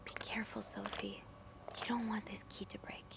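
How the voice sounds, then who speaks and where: A woman voicing a young game character in whispered role-play, hinting softly at puzzle clues in a breathy whisper. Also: mid-range voice, level tone, normal speed. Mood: hushed. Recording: game audio with ambient noise.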